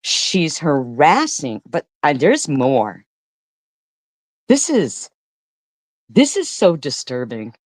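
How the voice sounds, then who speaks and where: A woman's voice: deep voice, wildly swooping pitch, slow, pauses often, dry recording. A woman hosting a reaction commentary, voicing exasperated and disgusted remarks about a clip. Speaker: commentary host.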